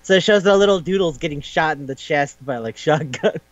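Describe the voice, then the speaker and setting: A man's voice: fairly high pitch, lively intonation, fairly quick, dry recording. A man chatting casually and retelling a manga plot in a rambling way, full of "like" and swearing. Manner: rambling, lots of "like" and swearing, brief quoted voices. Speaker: podcast co-host. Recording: dull lo-fi sound.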